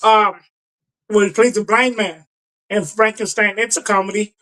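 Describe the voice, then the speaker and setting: A podcast co-host in a relaxed conversation recounts movie scenes with gusto, performing the dialogue and frequently breaking into laughter. The mid-range voice moves at a moderate pace, heard through a low-quality recording.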